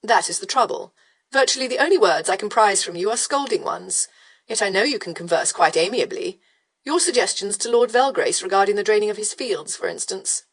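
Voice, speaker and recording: A woman reading an audiobook voices an arrogant male aristocrat who drawls and teases in smooth, provocative tones. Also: medium pitch, animated, brisk. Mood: teasing drawl. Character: arrogant, lazily teasing male aristocrat rake. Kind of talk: audiobook character voice.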